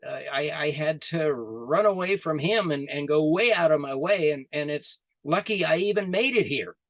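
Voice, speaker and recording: A man's voice: fairly high pitch, expressive, moderate pace, close to an everyday voice. A man voicing a wise old male rabbit who stammers nervously and plays humble, in a story told over a video call. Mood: flustered.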